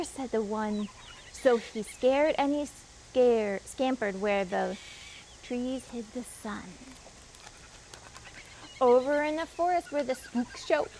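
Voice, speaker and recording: High-pitched woman librarian, expressive storytime reader who chats with the kids between pages, faint birdsong outside. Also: a little hiss or hum, poor audio. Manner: expressive reading with asides to the children. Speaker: children's librarian. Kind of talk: children's storytime read-aloud.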